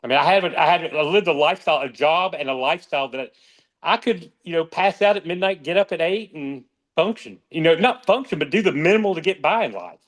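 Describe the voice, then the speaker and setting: Rambling middle-aged man, high-ish voice. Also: lively intonation, fast talker. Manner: rambling, restarts often, emotional about friends. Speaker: podcast guest, author. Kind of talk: candid conversational interview.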